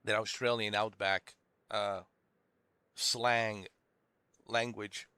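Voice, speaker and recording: A man's voice: fairly low pitch, flat delivery, drawn-out words, bright, forceful tone, smooth, dry recording. A man giving casual, rambling gameplay commentary, full of "like" fillers. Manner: rambling, heavy "like" fillers, chatty. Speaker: gaming video creator.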